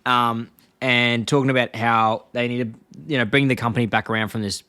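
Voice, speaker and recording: A man's voice: steady tone, brisk, bright, forceful tone, smooth. A young man co-hosting a podcast, retelling scenes in a rambling, casual way and breaking into quoted lines. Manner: rambling, acts out quoted lines with jumps in pitch and frequent laughs. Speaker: podcast co-host. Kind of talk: casual chat recapping episodes.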